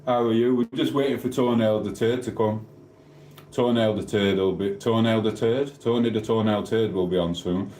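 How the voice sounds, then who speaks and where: A man with a South Yorkshire accent chats casually on his live stream, reading viewers' comments aloud and teasing them playfully. His voice sits a little low, and it rings in an echoey room over a faint hum. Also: normal speed, warm tone. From Sheffield, England. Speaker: livestream host.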